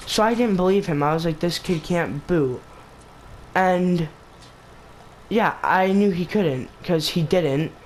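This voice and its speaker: A man's voice: high-pitched, slight background noise, low-quality recording. Rambling young-sounding guy telling a gaming story. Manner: rambling, filler-heavy retelling with lots of "basically" and "like". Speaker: gaming channel host. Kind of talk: casual storytime vlog.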